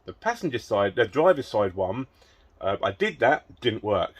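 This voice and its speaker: A man's voice: lowish voice, big pitch swings, moderate pace, breathy edge. A man casually talking through a car repair, chatty and easily frustrated, working under the car with the camera close to his face. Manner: chatty, frustrated, swears and laughs at himself. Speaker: car modding vlogger. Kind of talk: casual DIY car vlog.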